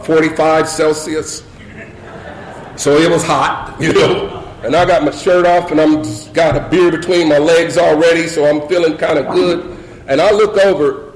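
A middle-aged man telling a humorous personal story at a recovery meeting, acting out scenes and peppering his talk with "you know.". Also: on the high side. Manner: animated, acts out scenes, many "you know" fillers. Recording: echoey room with faint crowd noise.

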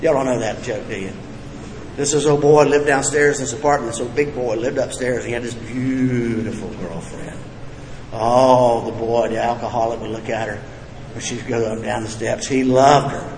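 A man's voice: medium pitch, normal speed, a little hiss or hum. Blunt folksy man in echoey hall. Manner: blunt, folksy, profane humor, animated joke-telling. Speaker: recovery meeting speaker. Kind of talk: recovery talk with storytelling. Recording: echoey hall with reverb, faint ambience.

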